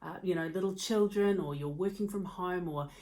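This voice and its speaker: A woman giving a motivational talk as a mental health speaker and educator, telling stories in an expressive, conversational way. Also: fairly low pitch, moderate pace.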